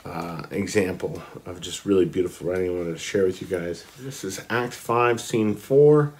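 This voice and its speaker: A man's voice: low-pitched, moderate pace, darkish tone. A man talking casually about a book, full of fillers and restarts, with bursts of enthusiasm and lines read aloud. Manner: hesitant, many fillers, enthusiastic emphasis. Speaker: book vlogger. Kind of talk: casual talk about literature, reading passages aloud.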